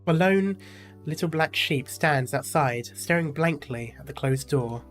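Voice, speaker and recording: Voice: medium pitch, a little slow, soft background music. A gaming streamer reading a game's story aloud, with casual, chatty asides.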